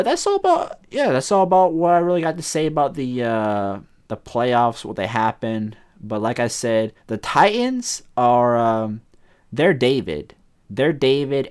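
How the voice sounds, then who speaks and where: A man hosting a solo sports podcast, talking casually and profanely in a rambling, halting way with lots of fillers and restarts. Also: mid-range voice. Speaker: podcast host.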